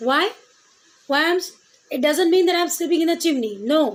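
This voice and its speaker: A woman with a Bengali accent teaches a literature class in a high voice. She reads a line of the poem aloud and then explains it to her students. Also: fairly quick.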